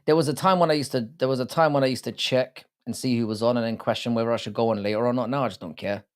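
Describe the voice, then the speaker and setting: Talking rapid-fire in a smooth, medium-pitched voice, a British male streamer chats crudely and casually. He swears often, reads out his chat and says hello to viewers by name.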